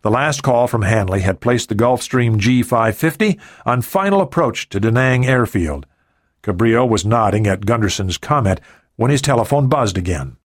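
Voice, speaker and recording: A man reading a thriller audiobook in steady scripted narration. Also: medium pitch, moderate pace, no echo, clean studio sound.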